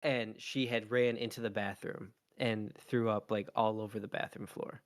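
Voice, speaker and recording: Low voice dad podcast host, rambly, lots of ums, dry sound. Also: male voice, little pitch movement, moderate pace, no echo. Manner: rambling storyteller, many fillers. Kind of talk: casual chat.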